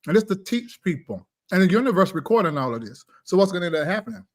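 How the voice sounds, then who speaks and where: A man's voice: high voice, very animated, fast. A man hosting a casual live-stream chat, talking in a blunt, emphatic, preachy way. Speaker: live show host.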